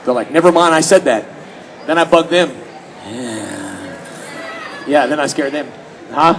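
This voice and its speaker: Over a noisy background, a man with a slightly high voice and vocal fry speaks a little slowly. He's from Houston, Texas, around his late thirties, and as a convention panel guest he jokes animatedly through casual stories for fans, slipping into mock voices for quotes.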